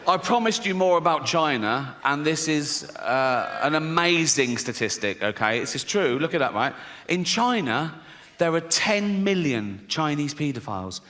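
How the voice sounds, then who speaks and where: A middle-aged man with an English accent doing stand-up comedy, deadpan and conversational, laughing at his own jokes. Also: a little high, moderate pace. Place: large theatre stage. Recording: stage mic in a big hall with audience noise.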